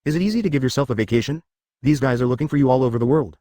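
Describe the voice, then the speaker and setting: A man's voice: mid-range voice, animated, very fast, warm tone, dry recording, studio quality, lightly acted. A man voicing a cheeky young marine slacker with a mocking, disdainful way of talking, in an audiobook reading.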